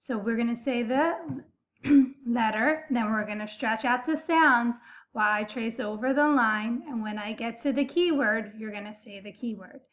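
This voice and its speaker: Female phonics teacher, slightly high voice, unhurried and deliberate, tinny phone-line sound. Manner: slow, deliberate, stretching out sounds. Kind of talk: phonics lesson.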